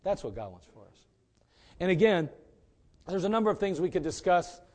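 A man preaching a sermon as pastor, emphatic and rising to loud peaks. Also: sits high, sing-song, moderate pace.

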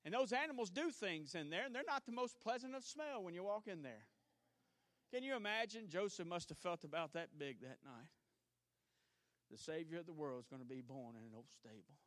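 A man with a Southern US accent preaches a sermon in a bright, forceful voice that sits a little high for a man. He swings from shouting at the congregation to quiet storytelling. The sound is dry and close. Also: expressive, brisk, dry recording. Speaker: pastor. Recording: archived church service.

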